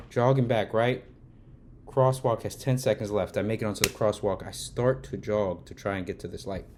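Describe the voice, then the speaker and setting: A man's voice: fairly low pitch, a little hiss or hum. A man vlogging a casual storytime rant, swearing and getting heated as he tells it. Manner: heated, swearing, gets loud when retelling the argument. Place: Los Angeles.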